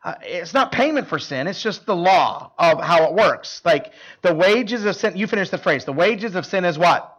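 Man, pastor, high-pitched voice, casual sermon, full of fillers, quizzes the congregation. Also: lively intonation, moderate pace, a bit bright, dull audio. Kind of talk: conversational sermon. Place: church service before a live congregation.

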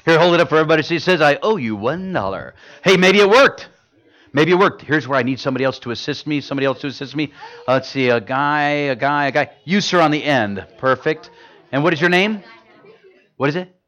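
A man's voice: a little high, fast talker, a bit bright. A man performing stage magic for a live audience, joking with volunteers and tying each trick to a gospel lesson. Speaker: gospel illusionist.

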